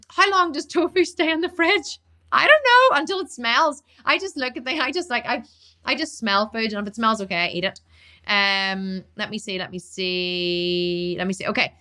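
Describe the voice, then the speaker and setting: Woman fitness coach, live-stream Q&A, rapid-fire, blunt, slightly high and bright. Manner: fast, emphatic, blunt and animated. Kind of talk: live-stream Q&A, casual and fast.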